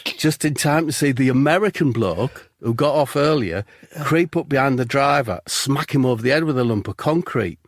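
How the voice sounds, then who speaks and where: A man telling an absurd comic story in a deadpan, rambling way as a podcast co-host. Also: medium pitch, moderate pace, no room sound. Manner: deadpan rambling tall tale.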